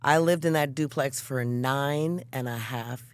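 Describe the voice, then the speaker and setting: An animated woman guest who tells her stories with vivid, acted-out quotes. Her talk is casual and candid, with frank swearing. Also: very deep voice, a little slow, smooth. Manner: animated, acts out quotes in voices, swears freely. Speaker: songwriter guest. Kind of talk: casual storytelling chat.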